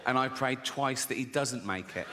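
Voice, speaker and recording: A man's voice: mid-range voice, normal speed. A middle-aged English man doing stand-up comedy, sardonic and swearing freely, putting on other people's voices as he tells his stories. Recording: faint background noise, live audience laughs.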